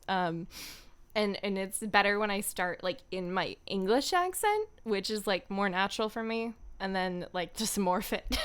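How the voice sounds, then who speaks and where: A woman's voice: medium pitch, fairly bright tone, smooth. A woman voice actor chatting casually on a stream, rambling and laughing often.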